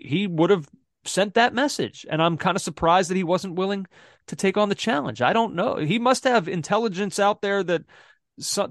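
A man talks football on a podcast, his voice sitting a little high for a man. He thinks aloud, circling back with fillers and restarts. The sound is dry and close, with no room around it. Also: no echo. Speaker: podcast co-host. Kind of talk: casual football podcast chat.

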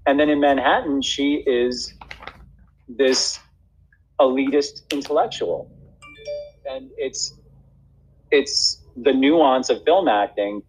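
A man's voice: mid-range voice, slow pace, pauses often, a little mellow, slightly rough, low-quality recording. A man, an actor and acting teacher, telling a story in a casual interview, with many restarts and frequent laughs.

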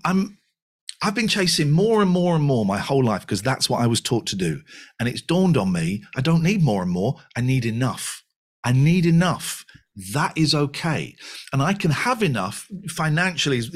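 A man of about fifty, a podcast guest talking candidly and animatedly, with frequent restarts and repeated phrases. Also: mid-range voice. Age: 50s. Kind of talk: candid conversational reflection.

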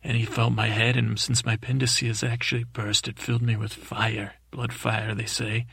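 A man's voice: mid-range voice, level tone, moderate pace, vocal fry, fairly bright tone, slightly rough, no echo. A man telling a rambling, improvised bedtime story, meandering and correcting himself as he goes. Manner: meandering, full of self-corrections and fillers. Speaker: podcast storyteller.

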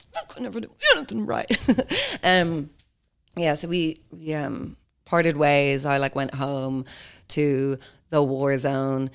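A young Irish woman hosting her own podcast, talking in a blunt, animated way and swearing freely. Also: deep voice. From Ireland. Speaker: podcast host. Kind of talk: casual monologue.

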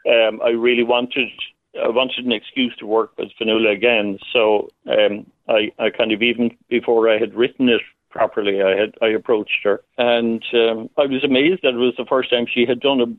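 A man, a playwright, talks thoughtfully about his play, pausing often and laughing now and then. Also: medium pitch, little pitch movement, dry recording. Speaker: playwright guest. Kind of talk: phone interview. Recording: tinny phone line.

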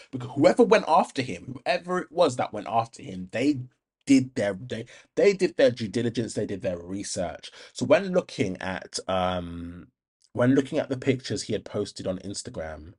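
Blunt, low-voiced man ranting. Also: husky. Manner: blunt, impassioned, swears freely; rambling with many restarts and ums. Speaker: podcast host. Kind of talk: opinionated podcast monologue.

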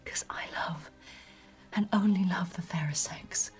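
Actress playing a passionate period gentlewoman. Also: measured pace, soft background music, close to an everyday voice. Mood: earnest, tender. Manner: low, intimate, near-whispered pleading. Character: earnest 19th-century gentlewoman, passionate and proud. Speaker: actress in a period drama clip. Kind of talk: period drama acting.

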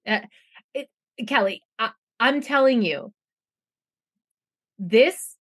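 A woman in her forties co-hosting a casual chat, recapping a show quickly and sarcastically, often mocking others in put-on voices. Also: fairly high pitch, animated, breathy edge, dry recording. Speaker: podcast co-host recapping a reality show.

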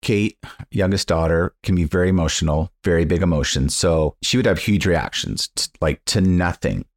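A man co-hosting a podcast, speaking in a reflective, candid way with halting restarts. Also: sits low, animated. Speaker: podcast co-host. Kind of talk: casual podcast chat.

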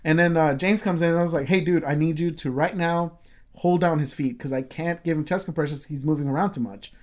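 A man's voice: fairly high pitch, fairly quick, a little mellow. A man telling a story in casual chat, rambling with lots of fillers and swearing freely.

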